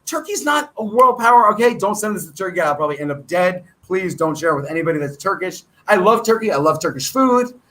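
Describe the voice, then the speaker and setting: Excitable rambling American man, high bright voice. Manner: rambling, excitable, self-deprecating asides. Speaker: stock market show host. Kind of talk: casual livestream commentary.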